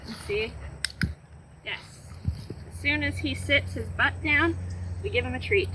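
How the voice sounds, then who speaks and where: A high-pitched woman explains clicker training outdoors, talking casually while she works with a dog on the grass. The recording is noisy, with plenty of outdoor sound behind her voice. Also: expressive, a little slow. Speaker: library program host. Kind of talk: casual instructional demo.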